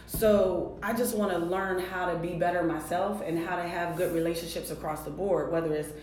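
Brief: woman coach, low-pitched voice, animated and playful, echoey room. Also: brisk, a little hiss or hum. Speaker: relationship coach and author. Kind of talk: casual podcast chat.

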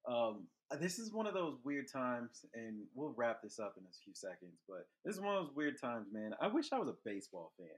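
A young man hosting a podcast, telling a childhood story in loose, profane casual chat that gets animated. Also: medium pitch, brisk, few pauses. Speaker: podcast host.

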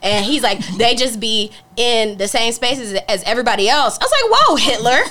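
A young woman in casual podcast chat, an animated storyteller who acts out the dialogue, blunt and profane. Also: on the high side, moderate pace, crowd noise.

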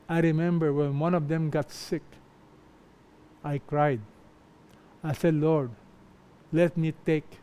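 A middle-aged man preaching a sermon, slow and emphatic, with frequent pauses between short phrases. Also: fairly high pitch, a little mellow.

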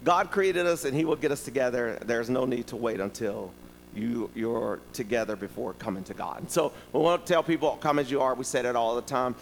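A man preaching a sermon, telling stories and talking directly to the congregation in a lively, conversational way. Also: mid-range voice, fairly quick, creaky, in a large hall, slight background noise, low-quality recording. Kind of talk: sermon with storytelling.

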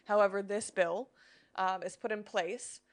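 A woman's voice: medium pitch, fairly even intonation, measured pace. A woman co-hosting a casual faith-based podcast. She explains things in plain terms and often checks in with "you know" and "right?". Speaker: podcast co-host.

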